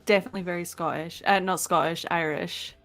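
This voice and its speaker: A woman's voice: on the low side, steady tone, brisk, fairly bright tone, faint music behind. A woman co-hosting a live-streamed paranormal chat show, laughing often and poking fun at herself. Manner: giggly, self-mocking. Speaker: co-host of a paranormal podcast.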